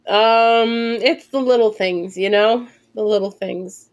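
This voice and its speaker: A woman in her twenties streaming live gameplay commentary, chatting and thinking aloud, with sudden excited squeals and casual swearing. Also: mid-range voice, slow pace, dull audio.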